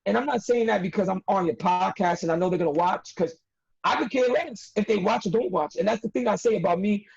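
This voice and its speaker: A man's voice: sits high, fast talker, creaky, darkish tone, husky. A young man, a wrestler talking as a podcast guest in a streetwise, emphatic way, repeating himself for effect. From New York. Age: young adult. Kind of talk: casual podcast interview. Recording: dull lo-fi audio.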